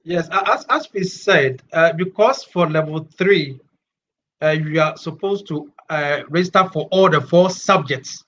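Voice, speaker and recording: A man's voice: a little high, a little slow, a bit bright, muffled recording. A man answering exam questions in a webinar, hesitant and full of fillers, chuckling at times.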